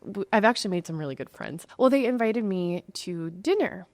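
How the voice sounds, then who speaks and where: Animated, emotional woman podcast host. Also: medium pitch, a little fast, few pauses, dry recording. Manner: animated storyteller, acts out quoted voices; emotional, gets choked up. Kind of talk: casual conversational interview.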